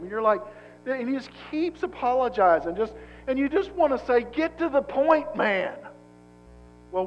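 A man's voice: high voice, dull audio. A male pastor preaching a sermon in a conversational, emphatic way, often repeating a word as he restarts a thought.

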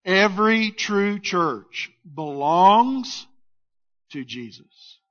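A high-voiced man preaches a sermon at an unhurried pace, pressing each point home with emphatic, weighty phrasing. His voice comes through a dull, lo-fi recording. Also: big pitch swings, a bit bright. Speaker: pastor. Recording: dull lo-fi sound.

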